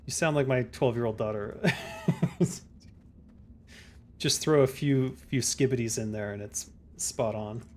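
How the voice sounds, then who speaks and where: A man streaming a game live, chatting casually and answering his chat in a relaxed way. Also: medium pitch, slow, long pauses, a little hiss or hum.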